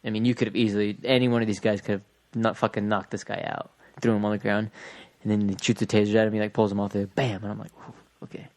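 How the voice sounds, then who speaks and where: Man, casual chat, rambling, profane, quick talker, slightly low voice. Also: level tone, no echo.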